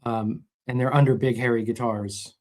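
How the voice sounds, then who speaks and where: A middle-aged man hosts a live guitar chat in an easygoing voice of middling pitch. He answers viewers' comments and walks through gear explanations at a loose, conversational pace, often stopping to restart a sentence. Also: moderate pace. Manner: relaxed and explanatory, with many restarts. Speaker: host of a guitar livestream.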